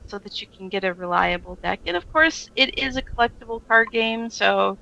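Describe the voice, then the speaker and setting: A woman's voice: a little high, lively intonation, a little fast, creaky, pushed and bright, dull audio. A woman co-hosting a casual podcast chat, telling a rambling story full of fillers and laughs. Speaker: podcast co-host.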